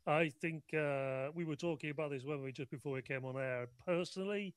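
A man's voice: on the high side, brisk, clean tone, no room sound. A man, a guest on a radio talk show, wry and sarcastic. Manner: wry, sarcastic, laughs easily.

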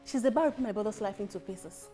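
A woman playing an overbearing sister who talks in a shrill, accusing way. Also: lively intonation, fast talker, dark tone, soft background music, natural voice.

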